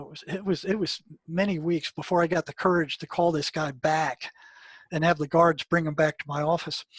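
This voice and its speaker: A man from the US, a guest in an interview, telling a story in a halting way, repeating words and acting out what people said. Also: fairly high pitch, husky, dry recording. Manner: halting, repeats words, acts out quoted dialogue.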